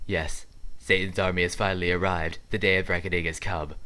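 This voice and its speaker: A man voicing a grandiose, Satan-worshipping villain in a fan parody with booming proclamations. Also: flat delivery, a little fast, bright, forceful tone. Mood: gloating.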